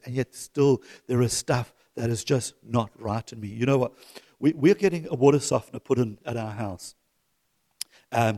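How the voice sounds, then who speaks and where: A middle-aged man preaching a sermon to his church, swinging from loud exhortation to soft, chuckling asides. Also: medium pitch. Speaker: pastor.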